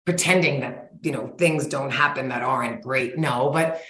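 A woman's voice: extremely low pitch, moderate pace, a bit bright. Blunt, folksy woman in her forties. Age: 40s. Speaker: guest, sugar-cravings coach. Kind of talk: casual interview chat. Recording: roomy echo.

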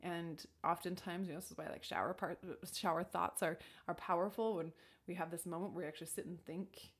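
Woman musing out loud, slightly low voice, trails off into near whispers, lots of likes. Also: fairly even intonation, fairly quick, husky. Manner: thoughtful, lots of "like" and restarts, drops to a near whisper at times. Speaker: speaker sharing personal advice. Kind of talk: reflective casual talk.

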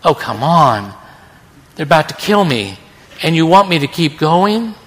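A man's voice: fairly high pitch, very animated, unhurried, fairly bright tone. A preacher voicing an indignant, self-pitying male prophet who pleads and complains that he deserves credit. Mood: complaining. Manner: whiny and pleading. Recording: long reverb in a large hall.

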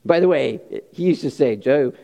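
A man's voice: on the high side, expressive, normal speed, warm tone. A man preaching a sermon as a pastor, impassioned and rising to emphatic peaks, with folksy personal asides. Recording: long hall reverb.

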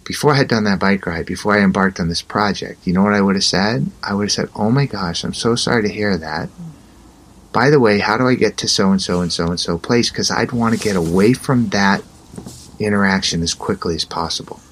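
Low-voiced man telling a story. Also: a little fast. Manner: animated, acts out both sides of dialogue. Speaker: interview guest. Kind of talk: conversational storytelling.

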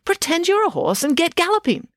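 A woman voicing a sweet-sounding but bossy schoolgirl who gives brisk, cheerful orders. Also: very high-pitched, very animated, no echo, clean studio sound, pitched above the performer's own voice. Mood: cheerfully bossy.

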